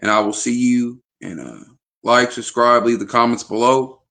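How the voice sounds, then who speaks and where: A man's voice: medium pitch, moderate pace, gravelly, bright, forceful tone. A man vlogging in a casual chat to camera, rambling and hesitant with frequent restarts.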